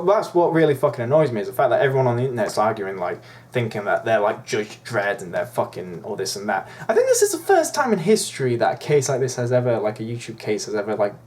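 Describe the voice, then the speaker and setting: A man's voice: mid-range voice, slight background noise. A young man ranting in a vlog, profane, indignant and rambling. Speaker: YouTuber.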